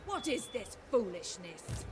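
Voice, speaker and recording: A woman voicing a regal, haughty elf queen in a game, with a slow, stately, commanding delivery, heard over loud music. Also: mid-range voice, sing-song.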